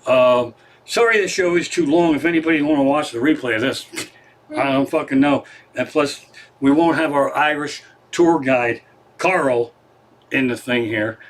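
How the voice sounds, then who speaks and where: A man from Pennsylvania, a comedian hosting a livestream show from his living room, telling a casual, profane story, excitable and animated, swearing constantly. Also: mid-range voice, moderate pace.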